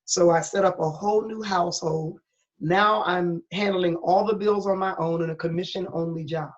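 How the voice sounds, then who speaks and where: Speaking at normal speed in a steady, lowish voice, this earnest middle-aged pastor shares her own story as an interview guest. She's candid and uses a preacher's emphasis, captured on a dull lo-fi recording.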